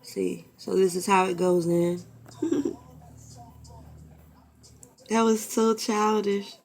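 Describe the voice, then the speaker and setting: A woman's voice: medium pitch, fairly even intonation, a little slow, vocal fry, darkish tone. A woman, talking candidly and expressively in a casual vlog and swearing freely, into a camera mic. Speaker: vlogger.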